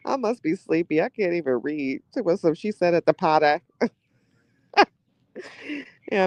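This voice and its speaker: A woman's voice: low voice, darkish tone, no echo. A woman hosting a podcast, chatting casually and animatedly with exclamations and laughter, speaking. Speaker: podcast host. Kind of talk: casual commentary.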